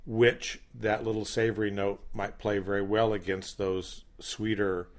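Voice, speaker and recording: A man's voice: fairly low pitch, little pitch movement, unhurried. A man co-hosting a casual tasting chat, thoughtful and explaining at length. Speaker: podcast co-host.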